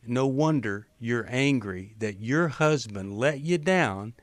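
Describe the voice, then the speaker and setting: A man's voice: medium pitch, lively intonation, takes it slowly, no echo. A middle-aged man hosting a call-in advice radio show, talking in a direct, coaching way. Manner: direct, coaching, quotes others in acted lines. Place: radio studio.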